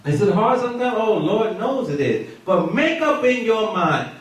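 A man preaching a sermon with animated call-and-response, often laughing as he tells the story. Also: sits high, normal speed. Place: church. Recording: echoey room from far off.

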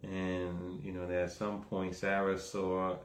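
Preacher with an echoing voice, building up. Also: male voice, monotone, slow. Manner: builds from low talk to emphatic, raised exhortation; repeats words, asks the audience "right?". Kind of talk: conversational sermon.

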